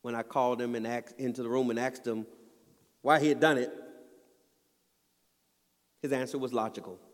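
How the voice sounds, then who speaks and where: A man's voice: mid-range voice, fairly even intonation, moderate pace. A man preaching a sermon, telling an earnest family story and building to emphatic points. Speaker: pastor. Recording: long hall reverb.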